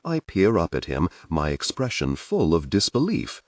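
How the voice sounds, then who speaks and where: A man with a deep, low voice narrates a first-person audiobook, reading with lively expression. His pitch rises and falls dramatically across every phrase. The recording is dry, with the mic set a little away from him. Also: moderate pace, few pauses, no echo, recorded from a distance.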